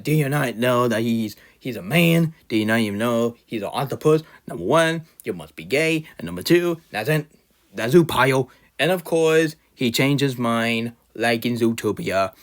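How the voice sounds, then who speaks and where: A young man delivering an unscripted, heated fan rant, insulting his target and often stumbling and restarting mid-sentence. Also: on the low side. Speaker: fan ranter. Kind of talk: unscripted ranting commentary.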